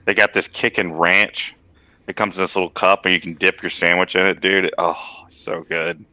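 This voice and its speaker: A man's voice: sits low, flat delivery, normal speed, bright, forceful tone, dry recording, highs cut off. A man co-hosting a podcast, chiming in casually with short, laid-back comments. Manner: laid-back, laughing, brief reactions. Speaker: podcast co-host.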